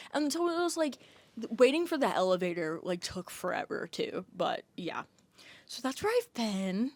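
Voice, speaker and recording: A woman's voice: medium pitch, lively intonation, moderate pace, a little mellow, no echo. A young adult woman hosting a podcast, telling a long casual rant, rambling with lots of "like" and swearing freely. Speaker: podcast host.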